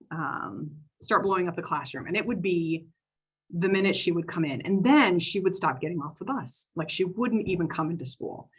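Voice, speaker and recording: Husky-voiced woman telling a teaching story. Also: fairly low pitch, fairly bright tone. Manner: conversational, frequent fillers like "like" and "you know". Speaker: education administrator giving a training talk. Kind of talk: personal story in a professional training talk.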